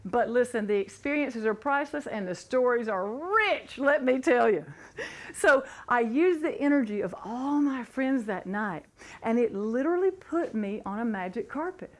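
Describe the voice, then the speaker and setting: A middle-aged woman giving a motivational talk, telling her story with animated, building excitement. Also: high voice. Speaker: motivational speaker.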